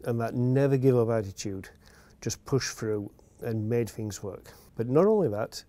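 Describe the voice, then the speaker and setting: A man's voice: mid-range voice, expressive, normal speed, mellow. A man speaking plainly and proudly in an interview.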